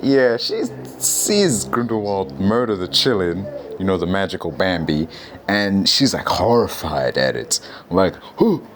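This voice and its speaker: A man's voice: deep voice, sing-song, measured pace, a little hiss or hum. A man reviewing a movie in an exasperated, incredulous rant, swearing often and firing off questions. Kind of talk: ranting film review.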